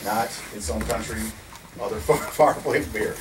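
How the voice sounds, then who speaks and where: A man who runs a community security firm, telling a story in an animated way, laughing often and acting out what others said. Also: lowish voice, normal speed, roomy sound. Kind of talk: storytelling in a recorded conversation. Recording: distant mic with faint background noise.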